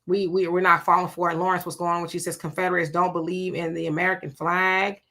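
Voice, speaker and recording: A woman hosting a casual live stream, reading out viewer comments and answering them one after another. Her voice is bright and forward, and she greets each person by name in an easy, chatty way. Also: lowish voice, level tone, fast talker.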